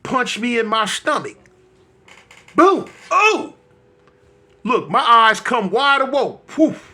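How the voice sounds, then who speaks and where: A bright, ringing male voice telling a funny story from his own life. He is in his fifties, talks to the audience like old friends, and bursts into sound effects and exclamations as he acts out each moment. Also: very high voice, expressive, measured pace. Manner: addresses listeners directly, colloquial. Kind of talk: comic personal storytelling.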